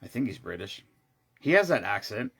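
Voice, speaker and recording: A man's voice: lowish voice, big pitch swings, normal speed, creaky, fairly bright tone, husky. A man chatting casually and telling a story, rambling and restarting his sentences often, with blunt, profane asides. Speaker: show regular. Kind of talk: casual chat.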